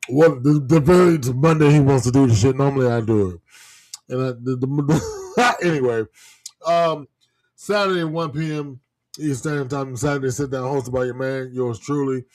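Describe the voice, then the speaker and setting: A man's voice: medium pitch, moderate pace, darkish tone. A man co-hosting a live talk show, brash and joking, who swears freely as he reads out show plugs. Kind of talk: casual chat and show promos.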